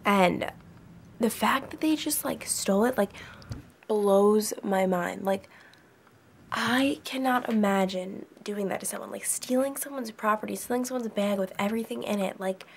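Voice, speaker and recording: A young adult woman vlogs from her dorm bedroom, rambling through a casual storytime and saying "like" constantly. Her voice sits at medium pitch with vocal fry, and she talks at a moderate pace over slight background noise.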